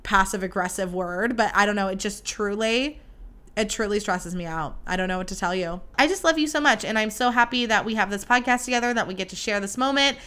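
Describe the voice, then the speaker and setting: A young adult woman hosting a solo podcast, chatting casually in an animated, gushing and dramatic way, speaking straight to her listeners. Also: medium pitch, a little fast, smooth. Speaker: podcast host.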